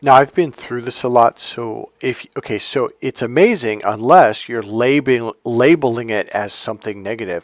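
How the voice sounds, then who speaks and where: A man's voice: mid-range voice, moderate pace, few pauses, dry recording, clean studio sound. A man talking off the cuff as a life coach, often restarting and searching for words. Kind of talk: unscripted motivational talk to camera.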